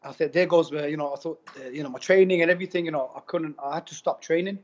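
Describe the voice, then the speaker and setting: Man telling his story, slangy and animated. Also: on the high side, fast talker. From United Kingdom. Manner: animated, repeats himself, slangy with "bro" and "man". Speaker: interviewee giving a testimonial. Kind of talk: casual storytelling. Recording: dull lo-fi sound.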